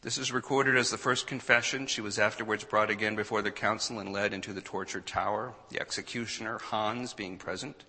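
A man preaching in a church hall, reading an old account aloud with dramatic swings between hushed and booming lines. His voice is bright and forceful. A long echo hangs behind him. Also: fairly even intonation, normal speed. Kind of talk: sermon.

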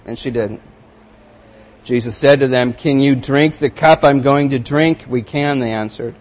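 A male pastor delivers a sermon at a medium pitch. He reads scripture aloud with building emphasis, then drops into quiet, conversational asides to his congregation. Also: unhurried, low-quality recording.

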